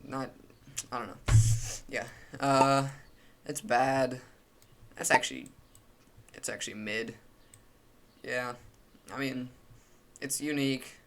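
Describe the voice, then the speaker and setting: A man's voice: mid-range voice, fairly bright tone. A young man giving a casual, opinionated commentary while ranking logos, rambling with frequent restarts and fillers.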